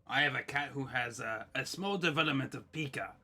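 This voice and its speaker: Goofy tabletop player, male, gravelly and bright. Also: medium pitch, a little fast. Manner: goofy, joking. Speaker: player voicing an ogre. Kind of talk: casual tabletop game chat.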